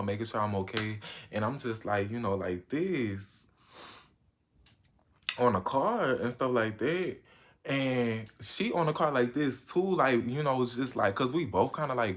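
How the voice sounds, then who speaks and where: A man in his late teens telling a casual storytime vlog, slangy and animated, with sudden jumps in pitch and loudness. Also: slight background noise. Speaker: vlogger.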